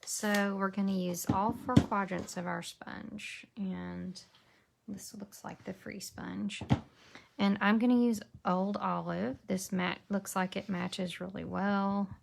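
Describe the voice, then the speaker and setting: Slow gravelly woman teaching crafts. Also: mid-range voice, steady tone, noisy background. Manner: chatty, thinks aloud while working, drops to a whisper while concentrating. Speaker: papercraft demonstrator. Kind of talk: casual crafting tutorial.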